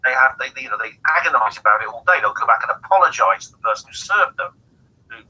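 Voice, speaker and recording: A man's voice: medium pitch, expressive, quick pace, sharp tone, slightly rough, poor audio. A man hosting a casual chat, making emphatic points with sweeping examples.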